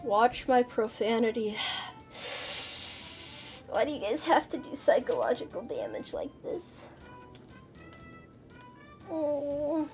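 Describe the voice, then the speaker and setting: Warm in tone and high-voiced, a woman streams as a VTuber from her home PC, casually answering her chat. She's chatty and playful, curses often, and mutters and exclaims to herself while assembling a model.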